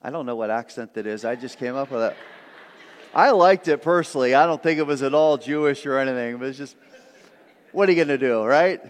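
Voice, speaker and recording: A man preaching a sermon as pastor, earnest and animated, often repeating a word as he starts a thought. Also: medium pitch, fairly quick. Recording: long reverb of a large room.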